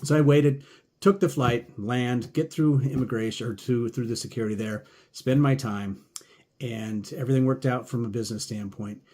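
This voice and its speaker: A man with a low, husky voice, spinning a travel tale in a relaxed, conversational way. He acts out the people he met and the back-and-forth of each exchange. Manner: animated retelling, acting out both sides of conversations. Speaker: podcast host. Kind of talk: casual storytelling.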